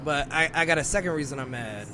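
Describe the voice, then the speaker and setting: A man co-hosting a radio show, ranting in an animated, exasperated way and laughing between complaints. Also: a little high, quick pace, noisy background. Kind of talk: casual comedic rant.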